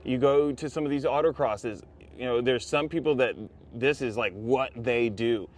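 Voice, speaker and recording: A man's voice: mid-range voice, normal speed. A man co-hosting a casual podcast chat outdoors at a race track, talking earnestly and often saying "you know". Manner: earnest, repeats phrases, frequent "you know". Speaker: podcast co-host. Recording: faint outdoor noise at trackside.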